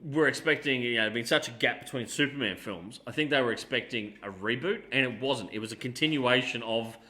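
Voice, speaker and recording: A man talks in a casual podcast chat, animated and blunt, swearing freely. His voice is bright and forceful. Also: medium pitch, a little fast. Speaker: podcast co-host.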